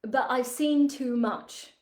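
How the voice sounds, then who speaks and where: A woman in her thirties teaching a spiritual masterclass in a chatty, animated way, often checking in with "right?". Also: high-pitched, slow pace, roomy sound. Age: 30s.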